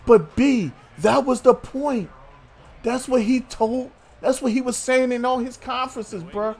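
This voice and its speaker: A man's voice: very high voice, measured pace, gravelly, darkish tone. A man hosting a sports talk show, arguing heatedly with a co-host, swearing and calling him bruh.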